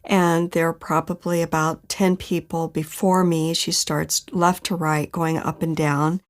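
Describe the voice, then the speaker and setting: A woman's voice: deep voice, level tone, unhurried. A middle-aged woman earnestly recounting a personal ordeal, acting out the people she met as she tells it. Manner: earnest, emotional retelling with quoted dialogue. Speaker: interviewee recounting her story. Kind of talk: personal storytelling.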